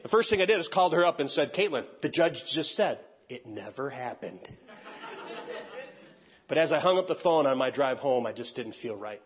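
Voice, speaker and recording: This older man is a pastor preaching; he tells a personal story animatedly and takes on the voices of those in it. He speaks in a mid-range voice at a moderate pace, captured on a muffled recording.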